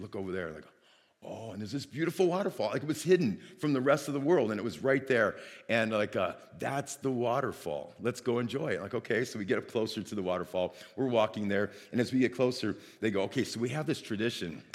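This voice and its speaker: A man from Northeast Ohio preaching a sermon, telling a lively personal story and acting out the dialogue. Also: fairly low pitch, fairly quick, in a large hall. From Northeast Ohio, United States.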